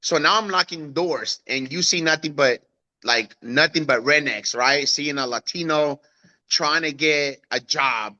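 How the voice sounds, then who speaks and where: A man in his thirties from Guatemala tells his life story as an interview guest. His voice is bright and sits a little high for a man. He acts out the people he quotes in a lively way. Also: a little slow, dull audio. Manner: animated, acts out quoted voices with raised pitch.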